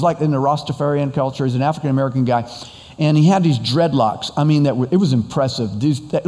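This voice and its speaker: Man telling a story in an echoing hall. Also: mid-range voice. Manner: rambling, animated retelling with quoted dialogue. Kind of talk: storytelling talk.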